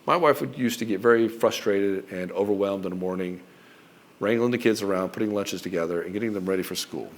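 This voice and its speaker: A middle-aged man speaks straight to his audience as a relationship coach, his voice sitting a little low. He is blunt and swears freely, and he often slips into acting out both sides of a conversation between a husband and wife. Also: fairly quick, slight background noise. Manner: blunt and profane, acts out both sides of dialogues. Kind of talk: direct-to-camera coaching monologue.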